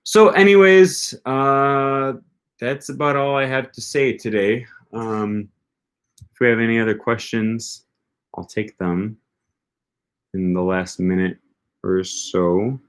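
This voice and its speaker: A man's voice: medium pitch, fairly even intonation, takes it slowly. A man hosting a language-learning livestream, answering viewer questions in a casual, rambling way with lots of hesitant filler words. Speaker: language-learning channel host.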